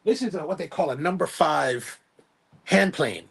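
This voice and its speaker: Male livestream host, gravelly and husky tone, loose rambling self-deprecating delivery while reading viewer comments. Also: on the high side, lively intonation, moderate pace, fairly bright tone. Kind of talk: casual chat, reading viewer comments aloud.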